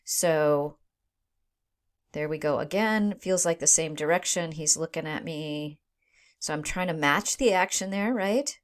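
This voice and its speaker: A woman with a slightly low voice walks through a video-editing tutorial in a relaxed, conversational way. She thinks aloud as she works and keeps checking in with her listeners. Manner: casual, thinks aloud, checks in with frequent "right?". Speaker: instructor. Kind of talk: screen-recorded software tutorial.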